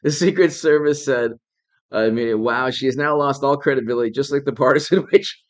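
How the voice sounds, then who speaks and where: A man's voice: mid-range voice, fairly even intonation, a little fast, lo-fi sound. A man hosting a live political commentary stream, rambling, laughing often and thanking viewers by name.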